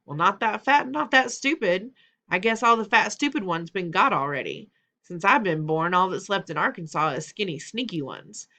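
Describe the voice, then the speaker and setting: A woman's voice: fairly low pitch, animated, moderate pace, sharp tone. A woman voicing a friendly, talkative country boy from Arkansas with a Southern drawl. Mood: boastful. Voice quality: chatty, drawling.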